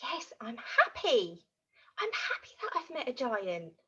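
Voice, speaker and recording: Animated woman teaching young children. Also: sits high, measured pace, breathy edge. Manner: animated, sing-song, models words for repetition. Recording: dull lo-fi audio.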